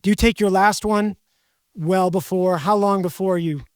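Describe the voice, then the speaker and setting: A woman's voice: mid-range voice, steady tone, normal speed, darkish tone, dry recording. A woman hosting a casual podcast conversation, rambling and correcting herself as she goes. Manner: rambling, self-correcting, chatty. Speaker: podcast host.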